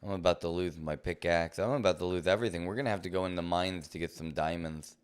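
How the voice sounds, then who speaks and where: A man's voice: low voice, quick pace, smooth. A man streaming a game live, talking in a playful, rambling way full of silly jokes. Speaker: gaming streamer. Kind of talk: live gameplay commentary.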